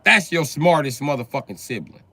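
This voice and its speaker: A comedian on a live stream, cursing freely and acting out characters. His voice is sharp and forceful, climbing and dropping across a wide range. The sound is dry and close. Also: moderate pace, dry recording. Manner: profane, animated, acts out voices with big pitch jumps.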